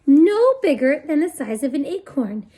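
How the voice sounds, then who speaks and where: A woman voicing a teeny tiny male meadow mouse in a squeaky, rapid manner. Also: sing-song, mellow. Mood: cheerful.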